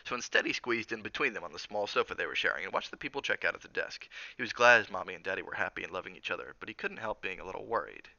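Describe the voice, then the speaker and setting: Brief: male streamer doing casual book reading, quick and bright, low-ish voice. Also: lively intonation, vocal fry, no room sound, highs cut off. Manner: brisk and plain, with asides. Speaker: streamer reading a novel aloud.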